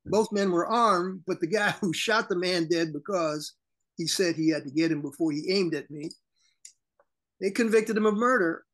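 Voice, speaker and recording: A man co-hosting a political talk show, speaking in an animated, indignant way over a remote call link. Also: high-pitched, moderate pace. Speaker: co-host.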